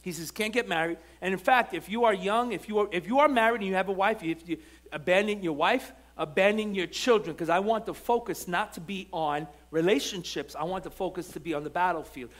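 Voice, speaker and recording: A fairly quick-speaking pastor, his voice notably high for a man, preaches a sermon from the pulpit of a church sanctuary. His animated delivery shifts between relaxed storytelling with many restarts and fervent, emphatic lines he repeats.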